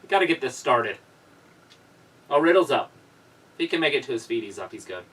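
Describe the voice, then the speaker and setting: A man's voice: mid-range voice, sing-song, a little fast, fairly bright tone, breathy edge. A man co-hosting a live watch-along stream in casual chat, reacting to the action and greeting viewers. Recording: distant mic.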